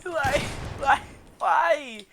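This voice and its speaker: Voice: high voice, extremely slow, creaky, background noise. A gamer with hiccups, giggling helplessly and blurting out reactions while playing a shooter on a headset mic. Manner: giggly, laughing through hiccups. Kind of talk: casual gameplay chat. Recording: loud gunfire from game audio.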